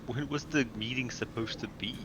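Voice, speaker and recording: A man's voice: medium pitch, a little fast, noisy background. A man in casual chat during a tabletop game, wry, teasing and matter-of-fact.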